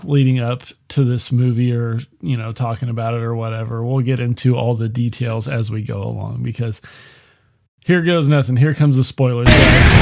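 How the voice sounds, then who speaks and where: A man's voice: medium pitch, noisy background. Profane rambling male podcast host. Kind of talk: casual movie review monologue.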